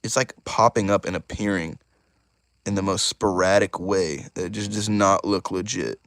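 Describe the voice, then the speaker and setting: A young man hosting a casual live stream, excitable and chatty, talking straight to his chat. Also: deep voice, moderate pace, dry recording, clean studio sound. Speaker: YouTuber host of a live stream.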